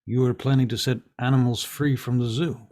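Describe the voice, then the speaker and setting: A man's voice: medium pitch, fairly even intonation, brisk, darkish tone. A man running a tabletop role-play game as game master, talking casually and swearing freely.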